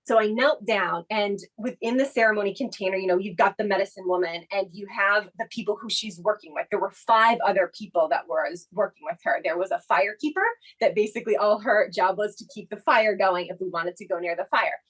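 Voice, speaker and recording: A woman's voice: mid-range voice, a little fast, few pauses, poor audio. A woman co-hosting a podcast, telling a personal story in casual chat, reflective and full of the filler "like". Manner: reflective, leans heavily on the filler "like". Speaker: podcast co-host.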